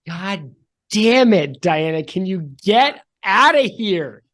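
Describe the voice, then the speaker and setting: A woman's voice: medium pitch, big pitch swings, slow. A woman game master narrating a tabletop game with friends, casual, swearing and poking fun at herself. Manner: casual, swearing, self-mocking.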